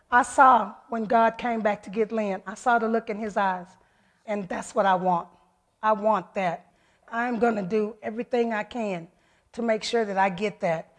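Earnest woman sharing testimony. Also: fairly high pitch. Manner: earnest, heartfelt storytelling with many quoted voices. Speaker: church member giving testimony. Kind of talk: personal church testimony. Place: church service.

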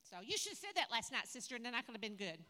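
Lively older woman preaching. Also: a little high, quick pace. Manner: lively, humorous, talks to the audience. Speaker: conference speaker. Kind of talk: sermon. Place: church hall. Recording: echoey hall.

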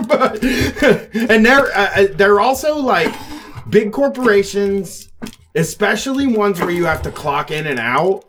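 A man's voice: sits high, sing-song, unhurried, a bit bright, slight background noise. A man chatting casually with friends, rambling, swearing freely and laughing while he talks. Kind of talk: casual chat.

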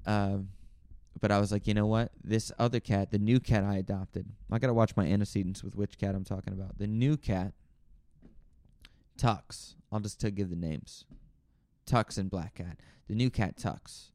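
A man tells a long anecdote on his podcast, rambling and correcting himself as he goes. His voice is low and mellow, with a smooth, clean tone. The recording is dry and close. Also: fairly even intonation, moderate pace, no echo. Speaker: podcast host. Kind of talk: casual storytelling.

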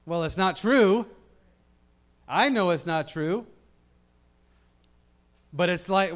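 In a high-pitched, animated voice, a pastor preaches a little slowly, leaving long pauses. His sermon to the congregation alternates between quiet, reflective passages and loud, emphatic ones, with repeated words as he builds.

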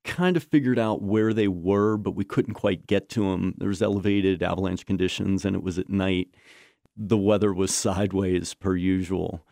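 Deep gravelly man, matter-of-fact. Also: fairly even intonation, normal speed, dark tone, dry recording, clean studio sound. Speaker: search and rescue volunteer. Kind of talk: interview recollection.

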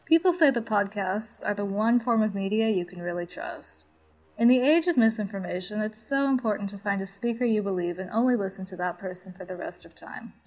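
A woman's voice: mid-range voice, low-quality recording. Smug sarcastic woman podcast host. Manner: smug, self-absorbed, sarcastic. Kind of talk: satirical podcast parody monologue.

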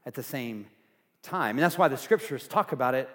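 A man preaching a sermon as pastor, earnest, going from loud emphasis to hushed softness. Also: medium pitch, expressive, moderate pace, in a large hall. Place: church sanctuary.

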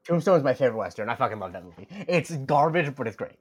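Male podcast co-host, rapid casual chat, laughs a lot. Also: medium pitch, sing-song, a little hiss or hum. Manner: chatty, laughs often.

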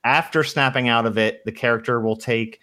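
A man's voice: mid-range voice, steady tone, brisk, bright, forceful tone. A young man running a tabletop game as game master, reading out rules casually and swearing now and then.

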